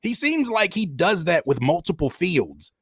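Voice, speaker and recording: Animated male podcast host, dry sound. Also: high-pitched, unhurried, slightly rough, no room sound. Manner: animated, acts out quotes. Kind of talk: casual podcast chat.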